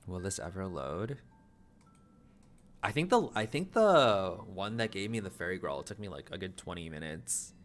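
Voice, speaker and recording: A man streaming casually to his viewers, talking fast in rambling, run-on thoughts, sometimes stuttering, mumbling and repeating words. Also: low voice, sing-song, a little hiss or hum.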